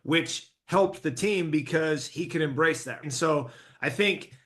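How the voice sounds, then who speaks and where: Male host, coach himself; reflective, bright and slightly high voice. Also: unhurried. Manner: reflective, drawing lessons from the guest's stories. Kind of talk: casual interview chat.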